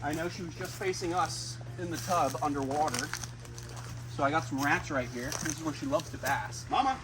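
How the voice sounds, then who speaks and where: A man hosting a wildlife vlog outdoors, talking excitedly to his animals as he feeds them. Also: fairly high pitch, moderate pace, background noise. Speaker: wildlife vlogger and zoo keeper. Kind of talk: casual outdoor vlog narration. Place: outdoors at animal enclosures and a pond.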